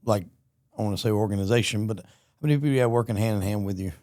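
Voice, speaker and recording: A man hosting a podcast, asking his guest follow-up questions in a relaxed, casual way. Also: lowish voice, rapid-fire. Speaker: podcast host.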